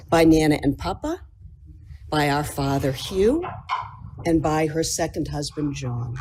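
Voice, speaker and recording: A middle-aged woman giving a prepared eulogy at a memorial service, in short, measured phrases. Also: lowish voice, husky. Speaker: eulogy speaker, daughter.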